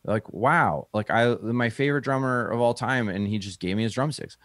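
Excited man telling a story. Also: moderate pace, no room sound, studio quality. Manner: animated storyteller, acts out quotes in a higher voice. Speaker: stand-up comedian, guest. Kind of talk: casual interview storytelling.

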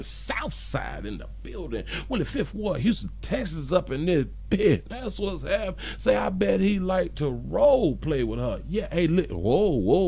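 A man's voice: sits high, gravelly, a little mellow. A man hosting a casual live stream, reading viewer comments aloud and joking with a frequent chuckle. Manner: chuckles often, loose and joking.

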